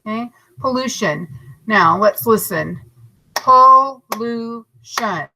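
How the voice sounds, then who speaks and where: A woman teaching a third grade class in a recorded lesson, patient and encouraging, stretching words out slowly to split their syllables. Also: mid-range voice, bright, forceful tone, a little hiss or hum, low-quality recording. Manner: slow, overarticulated syllables and spelling.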